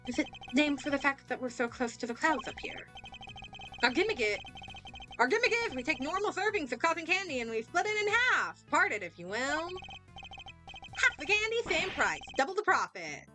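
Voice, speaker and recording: A woman's voice: high voice, very animated, moderate pace. A woman reading a greedy, smug cotton candy vendor from a video game in a raised, boastful salesman patter. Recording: clear game music behind voice.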